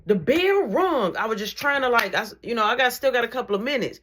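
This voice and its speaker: A young woman telling a story in a casual, animated way, acting out each exchange of dialogue. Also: a little high, fast.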